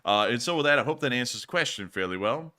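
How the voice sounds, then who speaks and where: Male livestream host, bright and forward voice, casual, easy laugh, mid-range pitch. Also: expressive, fast talker. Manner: chatty, laughs easily, stock sign-off phrases.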